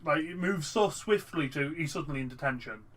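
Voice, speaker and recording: A man co-hosting a casual film review podcast, talking animatedly and acting out lines of dialogue in quick asides. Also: fairly high pitch, lively intonation, fairly bright tone. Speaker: podcast co-host.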